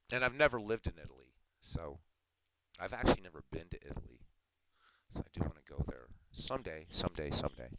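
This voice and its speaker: A man's voice: rumbling low, low-quality recording. A man hosting a stream, chatting casually in a rambling way, often chuckling and repeating himself. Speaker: stream host. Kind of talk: casual chat. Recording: loud background noise.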